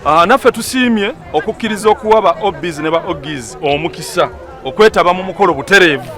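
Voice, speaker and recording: A young man from Uganda speaks outdoors at his old school, rallying the viewers as a former student. His voice sits high and his words come fast, with a lively, direct manner. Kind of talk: casual speech at a school event.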